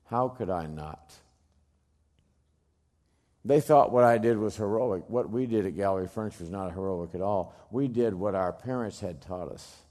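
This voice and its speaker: A middle-aged man giving a dramatic storytelling speech, emphatic, swinging from loud bursts to hushed low lines. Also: fairly quick, hardly any pauses. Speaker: speaker telling a personal story.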